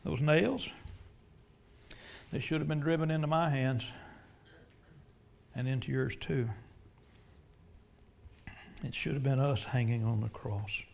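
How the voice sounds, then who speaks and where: A man preaching a sermon and leading a prayer, swinging from loud urgent preaching to hushed pleading. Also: medium pitch, fairly even intonation, slow, gravelly, long pauses.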